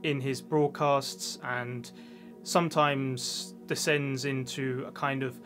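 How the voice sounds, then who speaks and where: A man speaking as a media commentator, giving steady, informative explanations. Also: mid-range voice, slow, over music.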